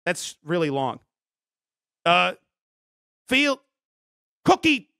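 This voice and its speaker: Flustered, high-voiced streamer man. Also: big pitch swings, drawn-out words, gravelly, bright, forceful tone, dry recording, studio quality. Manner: flustered, defensive rambling with restarts. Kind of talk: improvised comedy bit as a scandal-hit streamer.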